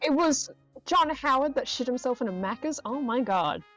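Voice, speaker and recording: A woman's voice: high-pitched, expressive, moderate pace, fairly bright tone, faint music behind. A woman chatting on a casual livestream, blunt and swearing, often sounding incredulous.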